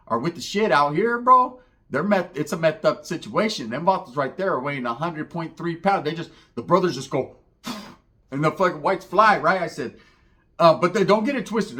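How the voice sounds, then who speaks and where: A man's voice: a little high, a little fast. A man telling a profane street story, acting out the voices of the people in it. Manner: profane, animated, acts out other voices.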